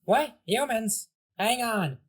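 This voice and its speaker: A man's voice: sits high, animated, slow, voice pushed up, full character voice. A man voicing an impatient villain boss with a kitty voice, snapping at an underling. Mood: irritated. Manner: snappy, irritated.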